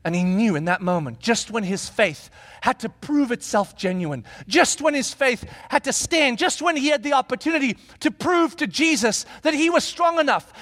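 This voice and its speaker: High-voiced man preaching a sermon. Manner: animated storytelling with rhetorical questions; acts out quoted dialogue. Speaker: pastor.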